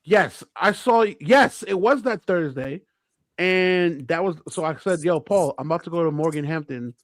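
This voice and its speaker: A man with a high, bright speaking voice tells stories on a casual show. He keeps slipping into other people's voices as he quotes them. The sound is close and dry. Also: animated, moderate pace, no echo. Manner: acts out quotes in different voices, laughs a lot. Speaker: podcast co-host. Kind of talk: animated storytelling chat.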